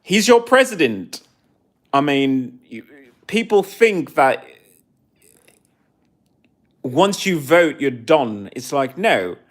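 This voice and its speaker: A man's voice: mid-range voice, expressive, drawn-out words, pauses often. A man in his forties with an English accent, talking on a live stream and answering chat comments in a snarky, haughty way. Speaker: livestreamer.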